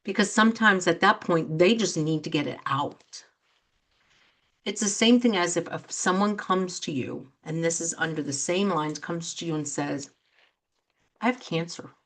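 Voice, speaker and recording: A woman's voice: fairly low pitch, moderate pace, a bit bright. A middle-aged woman hosting a talk show as a coach, speaking earnestly and acting out quoted reactions in her examples. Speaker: host and coach. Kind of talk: motivational talk show monologue.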